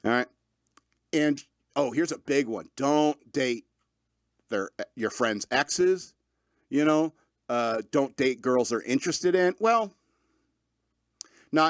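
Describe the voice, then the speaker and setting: A man in his thirties rambles through a casual podcast monologue. He jokes and laughs often and fills his talk with fillers. His voice sits at a middle pitch and is recorded dry and close. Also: no echo. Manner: loose, joking, laughs often, many fillers. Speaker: podcast host.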